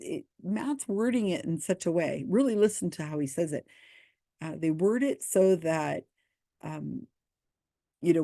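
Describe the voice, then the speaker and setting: A woman's voice: fairly low pitch, warm tone, no echo. Dry skeptical woman reading comments. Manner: skeptical, dry, reads comments aloud and answers them.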